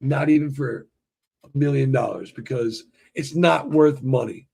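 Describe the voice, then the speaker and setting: A man hosting a livestream in casual chat, talking excitably, swearing a lot and restarting his sentences. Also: medium pitch, a little slow, creaky, breathy edge. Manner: profane and excitable, heavy restarts. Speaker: livestream host.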